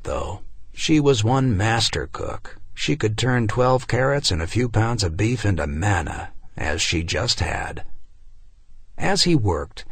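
A man narrating a novel as an audiobook, telling it in a measured, expressive way with dramatic dips and rises. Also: on the low side, breathy edge, no echo.

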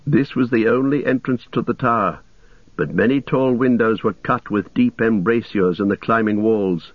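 A man reading a fantasy audiobook in a measured storytelling manner. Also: fairly low pitch, no room sound. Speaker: audiobook narrator. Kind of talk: scripted narration. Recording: dull lo-fi recording.

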